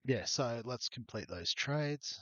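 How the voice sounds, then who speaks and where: A man's voice: medium pitch, lively intonation, takes it slowly, fairly bright tone, no room sound, muffled recording. A man walking through his fantasy rugby league team in a rambling, hesitant way, full of ums. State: has the hiccups. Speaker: fantasy sports youtuber. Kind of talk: casual fantasy team walkthrough.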